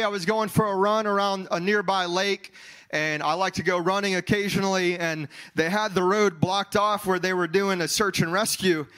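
Pastor, man, very high-pitched voice, sermon delivery with sing-song runs and shouted peaks. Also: clean tone, poor audio. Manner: preaching with rising sung cadences and shouts.

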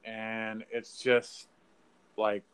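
A man co-hosting a podcast, chatting casually about a film, swearing freely and acting out lines in a high mocking voice. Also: completely flat delivery, extremely slow, fairly bright tone, clean tone. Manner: loose, profane, acts out lines in a high mocking voice. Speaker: podcast co-host. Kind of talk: casual movie review chat.

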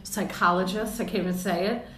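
A woman's voice: mid-range voice, steady tone, a little fast, fairly bright tone. A woman hosting a casual podcast interview, bubbly and jokey, laughing often. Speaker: podcast host. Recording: roomy with faint background noise.

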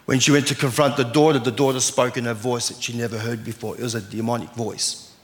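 A man's voice: mid-range voice, steady tone, quick pace. A man, a pastor preaching an earnest sermon and reading scripture aloud. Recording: long hall reverb.

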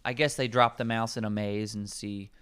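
A man's voice: fairly low pitch, fairly even intonation, normal speed, a bit bright, smooth. A man, a nutrition coach, explaining herbs in casual podcast conversation, rambling and correcting himself as he goes.

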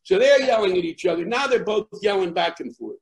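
A middle-aged man, a comedian, telling a rambling story in conversation with many fillers and restarts, acting out shouting crowds. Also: high voice, fairly quick. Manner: animated, acts out shouting crowds. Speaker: comedian guest.

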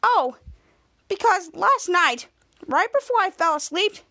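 A shrill, eccentric middle-aged teacher barks orders in sudden loud bursts, as a woman acts her out in a podcast recap. Her voice sits very high and jumps around. Bossy and odd, she commands more than she talks. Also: big pitch swings, measured pace, dry recording, clean studio sound, exaggerated voice.

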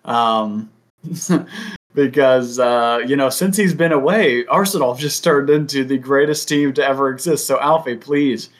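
A man's voice: medium pitch, measured pace. An American man co-hosting a sports podcast in casual chat, laughing often and rambling through restarts. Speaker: podcast co-host.

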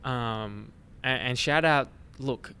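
A man's voice: medium pitch, slow pace, sharp tone, clean tone. A man hosting a casual podcast, easygoing and a bit hesitant, on a studio mic. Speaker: podcast host. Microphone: studio mic with headphones into a mixer.

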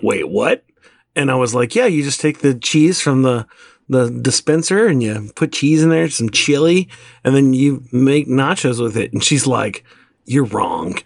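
A young man chatting casually with a friend, spinning anecdotes and acting out the voices in them. His delivery is lively and full of laughter, recorded close and dry with almost no room sound. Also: mid-range voice, dry recording. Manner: animated storyteller acting out quoted dialogue, laughs often. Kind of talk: casual storytelling chat.

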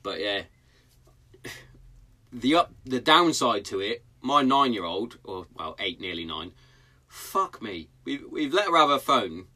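A man in his thirties chats on his own podcast from a garden shed. His voice is bright and forward at a middling pitch, and he swears freely in blunt, joking banter. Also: big pitch swings, unhurried. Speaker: podcast host. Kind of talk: casual chat.

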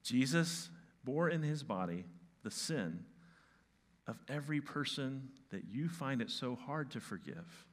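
A male pastor giving a sermon, moving from hushed, soft lines to loud, emphatic ones. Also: medium pitch, animated, unhurried.

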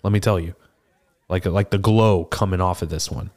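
A man's voice: low voice, moderate pace, darkish tone, close to an everyday voice. A man playing a seasoned male tortle cleric who tells a tavern tale in a chatty, rambling way, full of fillers and restarts. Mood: animated. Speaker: player character in an improvised tavern scene. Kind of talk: improvised in-character storytelling.

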